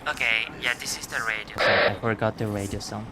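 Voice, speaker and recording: A man's voice: fairly low pitch, steady tone, a little fast, heavy background noise. A man chatting casually as he streams a game, joking around and apologizing often. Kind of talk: casual gameplay commentary.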